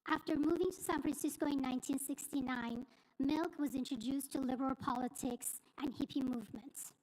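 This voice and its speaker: High-voiced woman reading a statement. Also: fairly quick, low-quality recording. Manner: steady, reads from notes, small slips. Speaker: resident at public comment. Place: school board meeting room.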